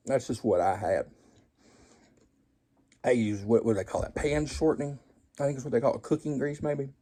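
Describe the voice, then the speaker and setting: A man's voice: medium pitch, steady tone, moderate pace, warm tone. A man hosting a home cooking vlog, tasting his food and chatting casually with folksy, joking asides to viewers. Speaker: home cooking show host.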